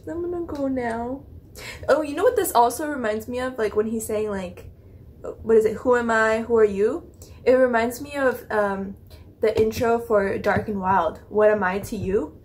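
A young woman with a fairly high voice talks straight to her viewers in a loose, rambling way. She gushes, swears and laughs, piling up fillers and restarts as the excitement spills over. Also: moderate pace. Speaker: reaction video host. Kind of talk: excited casual reaction chat.

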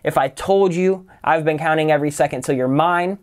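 A man's voice: on the high side, fairly quick. A man teaching songwriting, casually walking through a song's lyrics line by line and explaining its rhymes and syllable structure. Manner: analytical, breaks lyrics down line by line; casual, uses "kind of" and "right?" often. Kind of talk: lyric-writing tutorial.

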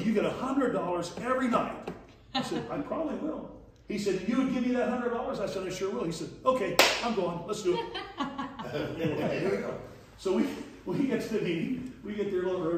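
In a church hall, a man acting as pastor shares folksy, chuckling stories for a leadership lesson, voicing the characters as he goes. His somewhat high voice has a slightly mellow quality, with a bit of background noise. The recording sounds distant and echoey.

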